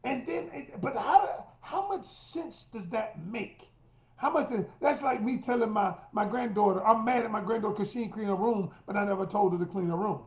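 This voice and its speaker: A man's voice: sits high, normal speed. A middle-aged man coaching women on relationships in an emphatic monologue, calling listeners "y'all" and acting out what people say. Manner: emphatic, addresses listeners as y'all, acts out quotes. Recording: roomy, dull lo-fi sound.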